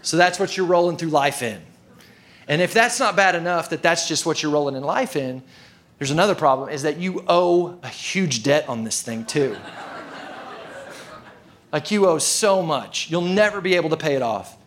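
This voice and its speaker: A man's voice: a little high, moderate pace, fairly bright tone, a little hiss or hum. A male preacher telling a story in a casual, conversational sermon, with frequent filler words.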